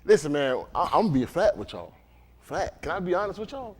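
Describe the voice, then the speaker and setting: Animated high-voiced preacher from Florida. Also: male voice, a little fast, slight background noise. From Dade County, Florida. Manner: animated, conversational, acts out others' voices. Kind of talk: casual sermon.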